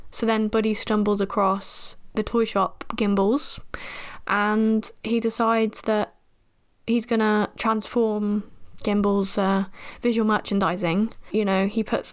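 Chatty woman recapping a film. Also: medium pitch. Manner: chatty, self-deprecating, rambling. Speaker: podcast host.

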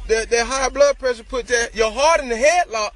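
A man's voice: very high-pitched, moderate pace, fairly bright tone. A man in loose, profane casual chat on a podcast, telling stories and peppering them with "know what I'm saying". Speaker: podcast co-host.

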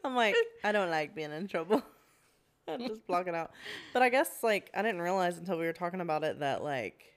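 Laid-back woman, lowish voice. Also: expressive, normal speed. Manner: laid-back, laughs often. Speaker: podcast co-host. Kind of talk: casual chat.

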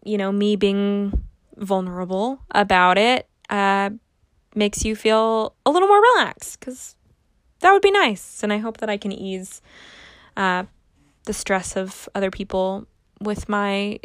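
A woman's voice: mid-range voice, a little slow, smooth, dry recording, clean studio sound. A young adult woman hosting a casual solo podcast, rambling and joking at her own expense. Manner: rambling, self-mocking humor. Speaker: podcast host.

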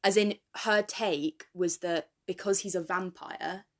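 A woman's voice: lowish voice, steady tone, a little slow. A young woman co-hosting a podcast in casual chat, thoughtful and wry, laughing easily. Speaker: podcast co-host.

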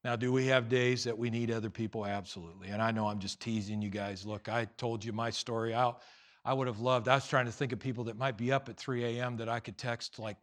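A pastor preaching a sermon in a church, animated and teasing, acting out voices. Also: male voice, mid-range voice, fast talker.

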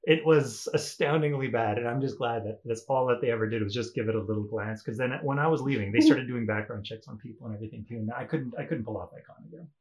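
A young man spins a rambling, animated story in relaxed conversation. He swears casually and laughs at himself as he goes. His voice sits in an ordinary middle register. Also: mid-range voice, fast, hardly any pauses. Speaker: podcast guest.

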